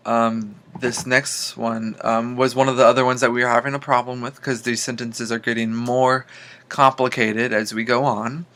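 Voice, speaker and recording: A man working as a speech therapist, recording homework and giving calm plain instructions between slowly sung practice phrases. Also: mid-range voice, slight background noise.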